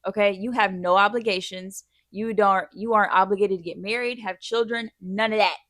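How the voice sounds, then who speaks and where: A woman in her thirties answers viewer questions with blunt, frank advice, swearing as casually as she chats. Her voice sits mid-range in pitch. The sound is close and dry, with no room echo. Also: fairly even intonation, moderate pace, a bit bright.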